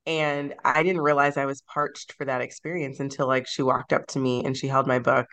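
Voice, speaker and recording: A woman's voice: very deep voice, flat delivery, normal speed, fairly bright tone. A woman author being interviewed on a podcast, speaking in a reflective, sentimental way and laughing easily. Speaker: guest author.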